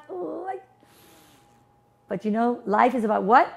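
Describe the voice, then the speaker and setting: Gravelly and a touch fast, this medium-pitched voice belongs to a motivational speaker in her fifties who grew up speaking a non-English language at home. She delivers a forceful personal testimony peppered with rhetorical questions.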